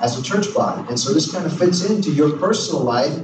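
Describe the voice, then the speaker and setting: A pastor preaching in a roomy church, his voice slightly high for a man. He keeps calling out questions to the congregation and pulling answers from them, heard from a distance with faint room ambience. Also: expressive, fast talker, background noise. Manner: call-and-response, asking the congregation questions. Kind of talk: sermon. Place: church sanctuary.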